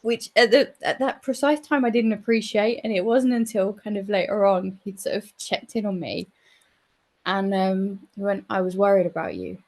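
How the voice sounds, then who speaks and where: A woman, a psychic medium guest in an interview, telling a story in a chatty, animated way and swearing now and then. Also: mid-range voice, normal speed.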